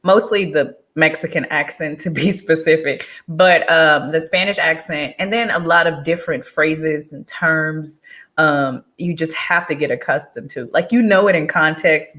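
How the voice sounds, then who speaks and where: Chatty woman, low voice. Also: unhurried. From Texas, USA. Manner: chatty, laughs often, animated when quoting others. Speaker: guest. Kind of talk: casual conversational interview.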